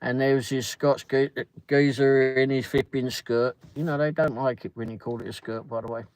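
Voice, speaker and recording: A man's voice: medium pitch, flat delivery, normal speed, darkish tone, smooth, dry recording, poor audio. A man chatting and telling stories on a livestream while driving at night in a car. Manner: chatty storyteller, laughs often. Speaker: livestream host. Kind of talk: casual chat while driving.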